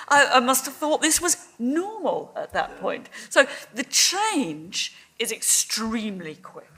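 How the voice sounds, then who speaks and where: A woman's voice: high-pitched, big pitch swings, slow, few pauses, a bit bright. A middle-aged woman making a persuasive debate speech in a wry, conversational way. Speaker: debate speaker.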